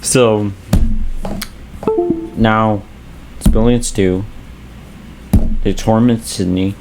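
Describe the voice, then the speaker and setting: A man casually recapping a horror movie plot with a co-host, animated in his retelling. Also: extremely slow, over loud music. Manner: animated retelling, acts out quotes in high voices. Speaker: movie reviewer.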